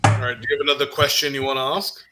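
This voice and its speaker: A man's voice: medium pitch, level tone, rapid-fire, noisy background. A man co-hosting a casual chat, joking and encouraging, often stumbling over his words.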